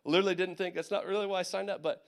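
A young man from Indiana telling a personal story of army service to a gathering, animated, with many fillers and acted asides. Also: high-pitched, racing, gravelly. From Indiana, USA. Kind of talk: personal testimony talk.

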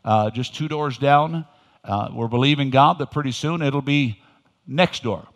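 An older man, a pastor, preaching a sermon with folksy storytelling that swings into loud emphasis. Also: mid-range voice, a little slow. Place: church sanctuary. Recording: reverberant hall.

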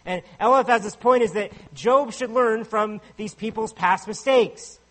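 High-voiced man preaching a sermon. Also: a little slow, a bit bright. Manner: conversational, asks listeners rhetorical questions. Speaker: pastor.

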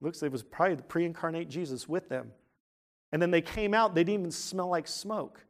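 Conversational preacher with a higher voice. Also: male voice, fairly quick. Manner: conversational, asks the congregation questions; drops to a hushed tone for serious points. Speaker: pastor. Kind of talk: sermon.

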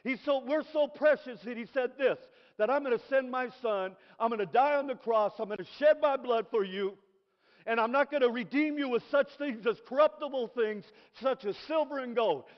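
A middle-aged man preaching a sermon in an animated way, dropping to soft asides and rising to shouted praise. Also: extremely high pitch, moderate pace. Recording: dull recording in a reverberant hall.

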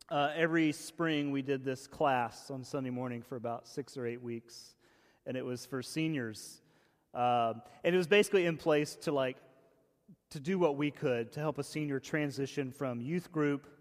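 Man, pastor, relaxed sermon, slightly high voice, long church echo. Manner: casual, chatty, many restarts and "like". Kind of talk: conversational sermon. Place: church hall.

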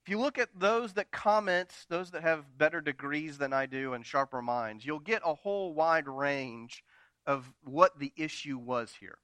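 A man preaching a sermon from slides. He swings between loud, dramatic retellings and quiet, intimate asides to the congregation. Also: a little high, unhurried, clean tone, no room sound. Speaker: pastor.

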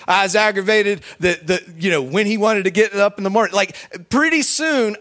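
A middle-aged man preaching a sermon, swinging between loud, high bursts and quiet, low asides, and acting out quoted voices in a raised pitch. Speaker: pastor.

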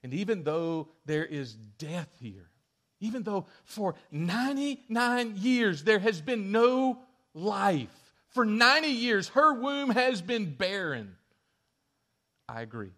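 A man preaching a sermon, telling the story with lively shifts in volume and acting out quoted lines. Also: high-pitched, slow pace. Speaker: pastor.

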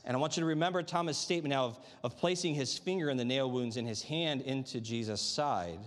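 A pastor preaches to a live congregation in a church sanctuary, speaking at a quick pace in a medium-pitched voice with big-room sound. His delivery is chatty and conversational, often tossing out rhetorical tag questions.

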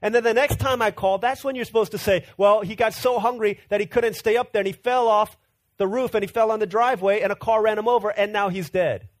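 Guy doing a frantic heartbroken dude in a joke, high voice, bossy about tact. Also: steady tone, fast talker, lightly acted. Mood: lecturing.

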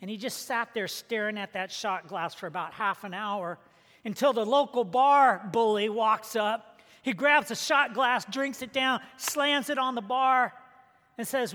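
High-voiced pastor preaching in a reverberant hall. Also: male voice, a little slow. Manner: soft prayerful opening, then lively storytelling with acted voices. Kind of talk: sermon with prayer and joke.

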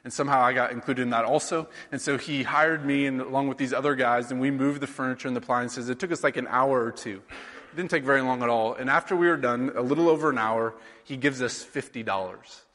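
A pastor in his thirties from rural Iowa, USA, preaches a conversational sermon full of rhetorical questions. His medium-pitched voice is a bit bright, he talks fast, and the sound carries the feel of a big room.

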